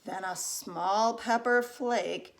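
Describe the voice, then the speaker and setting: A woman teacher reading a picture book aloud to young children, expressive and asking them questions along the way. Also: mid-range voice, slow pace, gravelly. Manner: lively, expressive, asks listeners questions.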